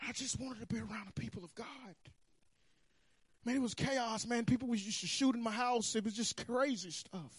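Man preaching, high voice, dry close sound, animated testimony, hushed then loud. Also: normal speed, husky, dry recording. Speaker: pastor. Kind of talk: sermon testimony. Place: church sanctuary.

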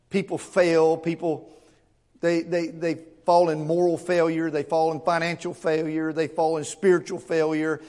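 A man's voice: fairly high pitch, a little mellow. A male pastor preaching a sermon to his congregation, earnest and emphatic, often stammering and repeating words and asking rhetorical questions.

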